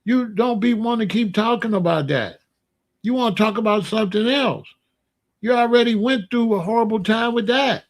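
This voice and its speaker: A man's voice: sits high, normal speed. A man talking casually and playfully in slang, giving loose, joking relationship advice straight to his listeners. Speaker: online talk host giving relationship advice.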